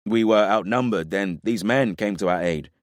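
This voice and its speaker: A man voicing a battered veteran soldier, gruff and wry. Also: lowish voice, normal speed, no echo, studio quality, natural voice. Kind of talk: audiobook character voice.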